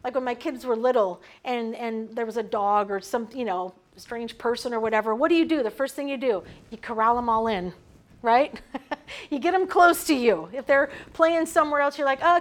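A woman leading a Bible study, teaching in an animated way and putting questions to her group. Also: high-pitched.

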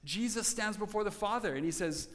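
A man preaching a sermon as pastor, earnest, dropping to soft tones for emphasis. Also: high voice, lively intonation, fairly quick, long reverb tail.

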